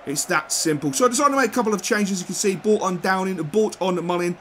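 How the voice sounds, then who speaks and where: A man giving football game commentary as a gaming video host, swinging from loud rants to low mutters. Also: fast talker, a little hiss or hum. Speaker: gaming YouTuber.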